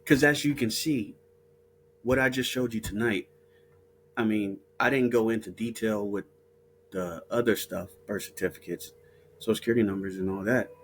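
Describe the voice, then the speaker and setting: A man's voice: fairly low pitch, moderate pace, a little hiss or hum. A man hosting his own video, talking in a heated, profane monologue full of repeated words and restarts. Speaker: video host. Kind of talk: casual monologue.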